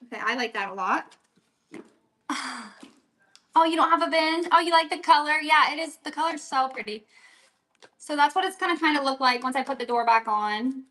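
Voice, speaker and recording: A woman's voice: sits high, lively intonation, moderate pace, long pauses, sharp tone. A woman hosting a casual crafting livestream from her home table, chatting and answering viewer comments as she works. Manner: chatty, reads viewer comments aloud while working. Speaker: livestream seller host.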